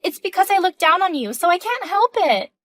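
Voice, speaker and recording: A sneering young woman in her twenties, as a woman reader puts her on, talking down to everyone in a raised, high voice. The reading is crisp and dry, as in a scripted text story. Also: very animated, fairly quick, fairly bright tone, no room sound, full character voice. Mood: smug. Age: 20s. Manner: taunting, condescending. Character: smug, mocking young woman student.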